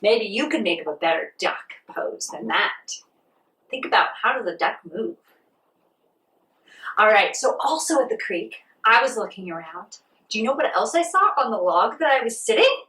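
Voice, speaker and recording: A woman leading a playful children's yoga lesson, animated and sing-song as she talks to a child. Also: a little high, normal speed, roomy sound, recorded from a distance, poor audio. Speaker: kids' yoga teacher. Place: outdoors on a farm.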